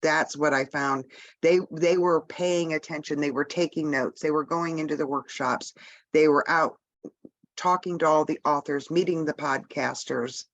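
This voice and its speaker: A woman's voice: sits low, steady tone, moderate pace. A woman hosting a casual video-call chat, reflecting chattily on feedback.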